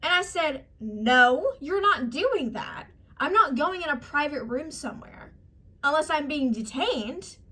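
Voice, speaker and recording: A woman's voice: sits high, expressive, measured pace, bright, forceful tone. A young woman vlogger telling an exasperated, emphatic story to camera, acting out the people she quotes. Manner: exasperated, emphatic, quoting others in acted voices. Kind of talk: casual storytime rant.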